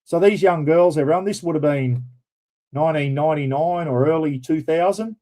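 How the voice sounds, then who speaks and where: A man's voice: fairly high pitch, moderate pace, dark tone. A middle-aged Australian man hosting a stream, telling rambling army stories in casual chat and swearing freely. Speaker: livestream host. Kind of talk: casual storytelling.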